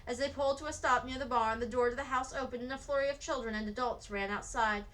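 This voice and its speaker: A woman reads a children's novel aloud at a steady pace. Her voice is bright and sits a little high. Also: quick pace, rough recording. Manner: steady storybook reading. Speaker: read-aloud narrator.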